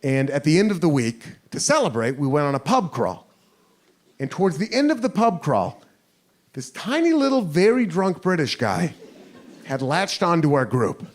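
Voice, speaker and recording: A man from the United States performing a stand-up comedy set with animated storytelling in a live comedy venue. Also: on the high side, moderate pace. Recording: noisy live crowd laughter.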